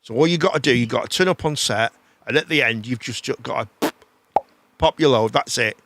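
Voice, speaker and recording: A man hosting a live chat show, rambling in a casual, animated way and swearing freely. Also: mid-range voice, a little fast, background noise.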